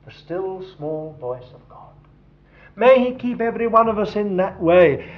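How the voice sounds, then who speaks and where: A man preaching a sermon, dropping to hushed tones and rising to loud emphasis. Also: sits high, lively intonation, measured pace. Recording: dull lo-fi recording.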